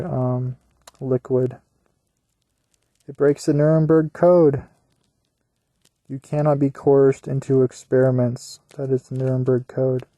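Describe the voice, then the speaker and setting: A man's voice: medium pitch, warm tone, no room sound. A young man talking in a rambling solo monologue, meandering and crude, often trailing off into mumbles. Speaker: podcaster. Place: at work during a shift.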